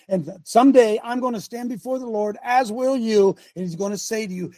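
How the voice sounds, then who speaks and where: A man's voice: high-pitched, moderate pace, few pauses, mellow, no echo. A man hosting a call-in talk show, speaking fervently and emphatically and repeating his phrases for weight.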